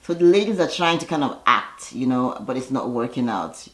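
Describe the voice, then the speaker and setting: A woman's voice: a bass voice, lively intonation, normal speed. A woman giving a casual video recap in a sassy way, acting out the quotes in put-on voices. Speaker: YouTuber recapping a reality show. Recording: echoey room.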